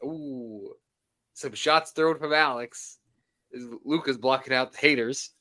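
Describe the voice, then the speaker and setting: A man's voice: mid-range voice, slow, bright, forceful tone, no room sound. A man co-hosting a fan football stream, joking and teasing his co-hosts between plays. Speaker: co-host, color commentator. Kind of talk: livestream banter and commentary.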